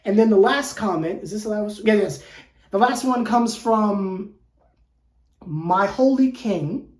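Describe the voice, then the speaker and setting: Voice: medium pitch, animated, slow, darkish tone. Stammering, joking sports fan host. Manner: stammering restarts, repeats words; joking, slangy, conversational. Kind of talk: casual fan commentary rant to camera. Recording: roomy echo.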